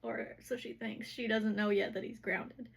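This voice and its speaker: A woman's voice: mid-range voice, fairly even intonation, moderate pace, gravelly, breathy edge. A woman casually recapping a fantasy novel for her vlog, rambling and filler-heavy. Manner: rambling, heavy use of "like" and "whatever". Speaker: book recap vlogger. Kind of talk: casual chatty book recap.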